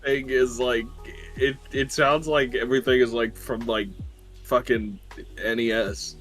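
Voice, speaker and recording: Male co-player on voice chat, relaxed and offhand, faint music in the background. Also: mid-range voice, unhurried. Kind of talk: casual voice chat.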